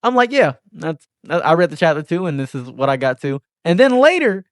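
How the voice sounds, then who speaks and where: A man hosting a casual commentary chat, rambling and joking with excitable bursts. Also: a little high, fairly quick, no room sound, clean studio sound. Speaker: channel host.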